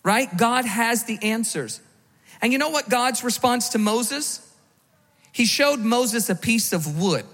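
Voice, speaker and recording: A man's voice: very high voice, lively intonation, takes it slowly, fairly bright tone, long reverb tail. A man preaching a sermon as pastor, conversational, with rhetorical questions and frequent restarts. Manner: repeats words when restarting.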